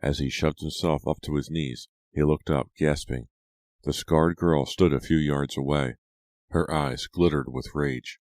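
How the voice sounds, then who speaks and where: A man narrating a horror audiobook in a steady, dramatic way. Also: rumbling low, measured pace, no echo.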